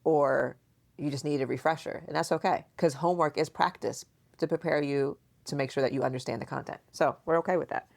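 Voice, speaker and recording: Deep-voiced with vocal fry, this podcast host in her forties talks fairly quickly in a casual chat with her daughter. She teases her, stays animated, and performs quotes rather than just reading them.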